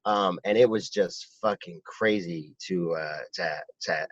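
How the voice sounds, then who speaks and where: Male guest, low voice, muffled lo-fi remote audio, dry, halting stammery speech. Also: no echo. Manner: halting, stammering, repeats words, swears. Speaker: interview guest, animator. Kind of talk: casual interview.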